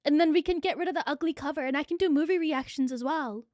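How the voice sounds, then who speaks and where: A woman from New Zealand with a New Zealand accent, chatting excitably on a live stream, a bit out of breath and swearing freely. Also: high-pitched, fast talker, no room sound, studio quality. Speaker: VTuber streamer.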